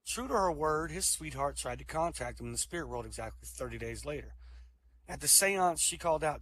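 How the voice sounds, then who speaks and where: A man telling jokes at a comedy show, acting out the characters' lines with lively delivery. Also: medium pitch, brisk. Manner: animated storyteller, acts out quoted lines.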